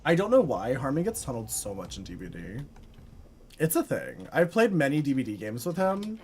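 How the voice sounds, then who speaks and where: A woman streamer giving chatty, expressive live commentary while she plays, full of quick reactions and playful complaints. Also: very deep voice, slight background noise.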